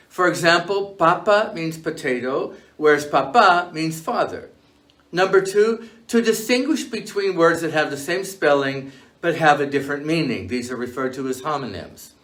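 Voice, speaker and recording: A man with a voice a little above the usual pitch delivers a scripted language lesson. He speaks in a measured, clear way and slows down when he gives example words. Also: a bit bright. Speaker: language teacher.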